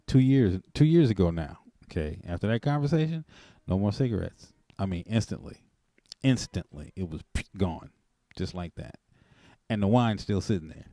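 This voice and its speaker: Low, dark-voiced man telling a story. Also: no room sound, studio quality. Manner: rambling, animated storytelling with chuckles. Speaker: call-in show host. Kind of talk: casual testimony on a call-in show.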